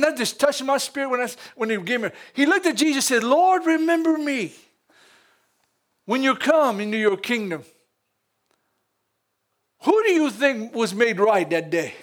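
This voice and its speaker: High-voiced Louisiana preacher. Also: male voice, moderate pace. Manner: lively preaching with frequent laughs and call-outs to the congregation. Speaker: pastor. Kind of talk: sermon.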